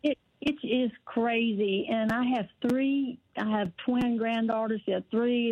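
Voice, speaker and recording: A woman's voice: fairly high pitch, steady tone, unhurried, no room sound. Older woman caller on a dull line. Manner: earnest, rambling, indignant. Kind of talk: phone call to a talk show. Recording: dull dry phone line.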